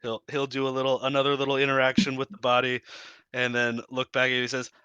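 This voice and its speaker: A man's voice: medium pitch, monotone, fast talker, pushed and bright, clean tone, no echo, dull audio. A man narrating as game master in a casual, descriptive way with many fillers.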